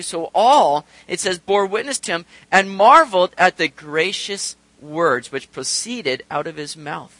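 A man delivers a sermon in a high, lively voice that climbs and falls as he asks rhetorical questions and briefly acts out the people he quotes. His tone is bright and forceful. The sound is dry and close. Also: no room sound, poor audio. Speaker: pastor.

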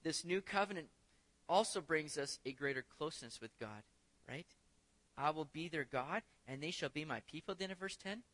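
Male pastor, sermon delivery, emphatic and questioning, raised and bright tone. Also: a little high, lively intonation, moderate pace. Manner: emphatic preaching with rhetorical questions.

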